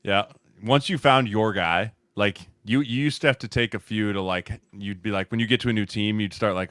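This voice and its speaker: Low, laid-back former center. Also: male voice, moderate pace, a bit bright, dry recording, clean studio sound. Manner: laid-back, drawling storyteller, agrees often. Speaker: podcast co-host, former NFL center. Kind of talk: casual chat.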